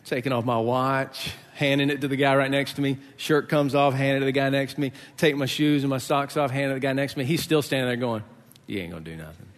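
A middle-aged man preaching a sermon, telling a story in lively fashion, acting out the voices and laughing along. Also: mid-range voice, fast, hardly any pauses, in a large hall. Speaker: pastor.

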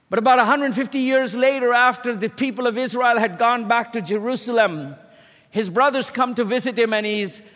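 High-voiced preacher in a reverberant hall. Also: male voice. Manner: builds to shouted emphasis, storytelling with acted quotes. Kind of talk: sermon.

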